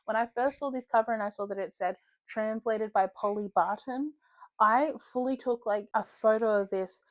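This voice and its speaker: A woman's voice: on the high side, moderate pace, no echo. A woman vlogging about books in a chatty, joking way, swearing casually. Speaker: book vlogger. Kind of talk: casual chat.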